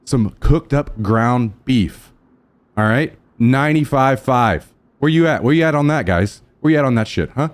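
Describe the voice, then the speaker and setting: A man's voice: expressive, moderate pace. A man streaming live, trash-talking his chat in a brash, profane way. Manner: thanks subscribers in a lowered, softer voice.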